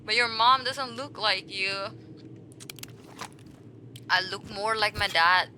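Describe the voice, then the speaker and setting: A woman's voice: mid-range voice, slow, sharp tone, slight background noise. A woman streaming a game, chatting with viewers in a playful, teasing way. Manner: playful, teasing, talks back to chat. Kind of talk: casual gaming stream chat.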